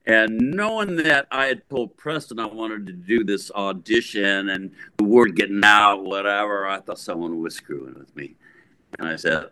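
A middle-aged man, a guest musician, telling a long story in a casual interview, rambling and animated with frequent restarts. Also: fairly low pitch, normal speed, smooth, no room sound.

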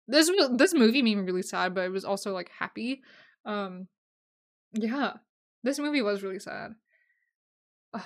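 A young woman hosting a casual solo podcast, gushing and emotional, swinging between loud excited bursts and quiet asides. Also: mid-range voice, moderate pace, pauses often. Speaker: podcast host.

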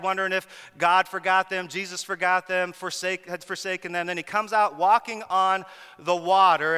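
A man preaching a sermon with a high, bright, clear voice. He tells stories in an animated way, repeating words for emphasis, and a long echo hangs after his words in a big hall. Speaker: pastor.

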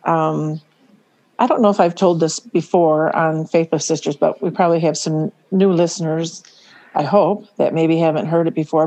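Mellow-voiced woman telling a story. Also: on the low side, highs cut off. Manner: storytelling, laughs often, slows to stress words. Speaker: podcast co-host. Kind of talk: casual faith podcast chat.

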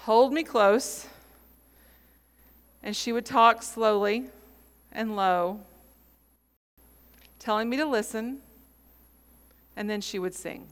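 A woman in her forties preaching a sermon, telling a story with measured, dramatic pauses. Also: a little high, in a large hall. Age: 40s.

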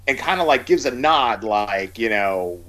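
A man's voice: fairly low pitch, expressive, measured pace, sharp tone. Rambling man chatting about films. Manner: rambling, many fillers and restarts. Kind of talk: casual chat about movies.

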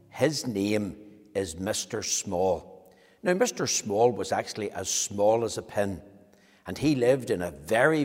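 A man's voice: lowish voice, breathy edge. Man telling children a story in a hall. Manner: slow, gentle storytelling. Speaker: children's talk presenter. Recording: echoey hall with long reverb.

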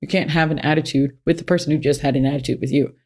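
A frank self-help speaker talking casually in a middle-pitched voice. They speak plainly from personal experience and hammer home key points by repeating them. The delivery is relaxed and conversational, not scripted. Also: racing, vocal fry. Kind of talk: casual advice talk.

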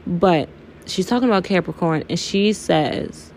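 A young woman hosts her own podcast, talking candidly and emotionally and peppering her speech with swearing and y'all. Her voice sits a little low and has a gravelly fry to it. Faint noise hums behind her. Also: lively intonation, measured pace, darkish tone. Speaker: podcast host. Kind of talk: candid personal podcast monologue.

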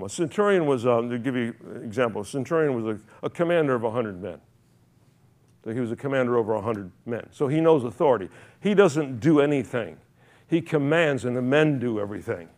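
A man's voice: mid-range voice, animated, fairly quick, darkish tone. A man preaching a sermon, rambling and correcting himself, then building to fervent emphasis.

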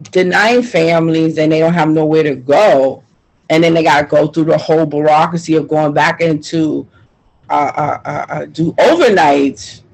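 A woman's voice: low-pitched, darkish tone, rough recording. Frustrated New woman recounting hardship. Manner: frustrated, emphatic, repeats herself. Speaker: interviewee. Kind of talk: personal testimony interview.

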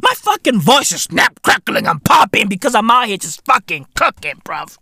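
A man's voice: high voice, sing-song, moderate pace, few pauses, sharp tone, slightly rough, no room sound, studio quality. A man hosting a profane satirical comedy monologue, sarcastic and drawling, slipping into asides. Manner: drawling, sarcastic, heavy swearing, drops to whispers. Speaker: comedy podcast host.

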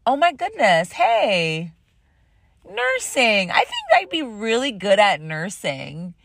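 A woman's voice: medium pitch, wildly swooping pitch, slow pace, creaky, a bit bright, no echo, studio quality, full character voice. A woman voicing an earnest, emotional young woman searching for her calling. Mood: excited.

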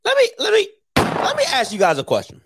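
A male radio host taking calls, jokey and animated. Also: extremely high pitch, fairly quick, background noise. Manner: jokey, animated, laughs easily. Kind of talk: call-in radio talk.

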